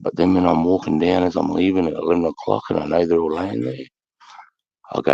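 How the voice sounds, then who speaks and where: A man's voice: low-pitched, steady tone, fairly quick, creaky, dark tone, no echo. A middle-aged Australian man, an army veteran hosting a casual chat, telling stories bluntly with heavy swearing. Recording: dull lo-fi sound.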